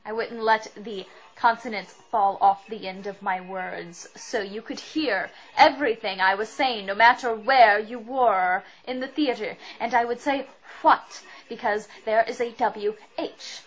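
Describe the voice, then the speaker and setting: A woman's voice: on the high side, measured pace, few pauses, low-quality recording. A young woman vlogging in a rambling, self-deprecating way, laughing often and apologizing for going on too long. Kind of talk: rambling casual vlog.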